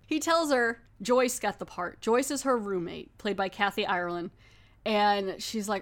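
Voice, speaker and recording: A woman's voice: mid-range voice, moderate pace. Podcast host, woman, chatty recap voice, loose and filler-heavy. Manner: chatty, laughing, many fillers. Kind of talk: casual episode recap.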